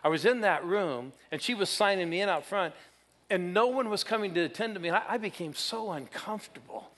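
A pastor in his sixties preaches with a slightly high voice, telling his story and teasing the congregation along the way. His words ring out with a long reverb from a large hall. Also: brisk, fairly bright tone. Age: 60s. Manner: storytelling, playful with the audience. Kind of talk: sermon.

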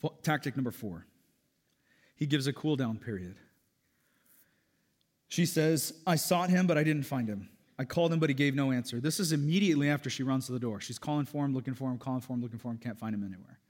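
A man preaching a sermon as pastor, animated and raising his voice to stress a point. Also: mid-range voice. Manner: animated preaching, voice rising for emphasis. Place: church sanctuary. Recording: church hall reverb.

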